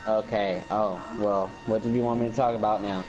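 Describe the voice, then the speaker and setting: A low-pitched man talking loosely about a game, tripping over and repeating his words as he jokes around. Game music plays clearly underneath his voice. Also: steady tone, normal speed, muffled recording. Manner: rambling, jokey, repeats words, mock drawl. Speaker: co-host of a game review. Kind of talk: casual chat.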